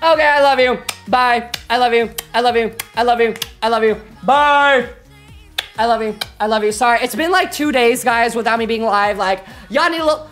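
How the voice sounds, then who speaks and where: A woman livestreamer rambling energetically through a casual sign-off, her voice a little croaky. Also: sits high, sing-song, measured pace, a bit bright, soft background music. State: slightly croaky. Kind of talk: casual stream sign-off chat.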